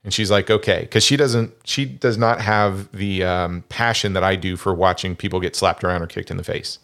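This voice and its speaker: A middle-aged man with a fairly low voice rambles through a relaxed podcast chat. He often trips over his words and restarts his sentences as he talks. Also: normal speed, vocal fry. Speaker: podcast host. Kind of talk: casual chat.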